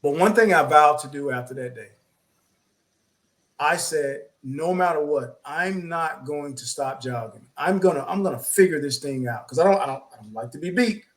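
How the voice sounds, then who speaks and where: A man co-hosting a talk show, telling a personal story in a casual, animated way, often repeating words and acting out quotes. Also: on the high side, moderate pace, low-quality recording. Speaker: podcast co-host.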